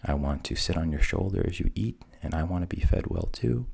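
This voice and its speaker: Guy doing a demanding frog, gravelly low voice, pushy. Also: expressive, fairly quick, a little mellow, exaggerated voice. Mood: pleading. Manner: insistent, demanding. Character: pushy talking male frog.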